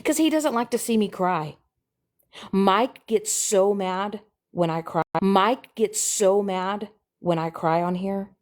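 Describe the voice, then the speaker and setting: Slow-talking woman rambling on a livestream. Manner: repeats herself, drifts between soft mutters and sudden high squeals. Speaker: TikTok live streamer. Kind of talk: casual rambling chat.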